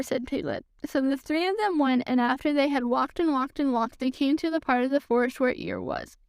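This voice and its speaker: Woman, podcast storybook reader, high voice, smooth clear tone, dry close sound. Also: a little fast, few pauses, no echo. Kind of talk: reading a children's book aloud.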